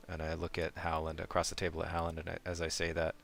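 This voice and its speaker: Very deep-voiced male player. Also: steady tone, normal speed, vocal fry, fairly bright tone. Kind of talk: in-character tabletop play.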